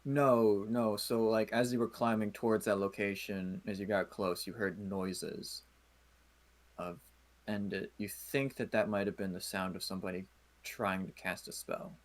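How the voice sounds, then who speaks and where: A man narrating a tabletop role-playing session as game master, pausing often with uhs and restarts. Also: fairly low pitch, fairly even intonation. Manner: halting, many uhs and restarts.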